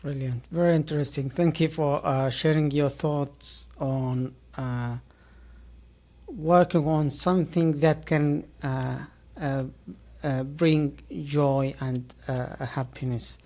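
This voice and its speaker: A woman hosting a podcast interview, asking questions in a halting way with many hesitations. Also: sits low, fairly even intonation, warm tone. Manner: halting, many "uh" fillers, formal praise. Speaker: podcast host.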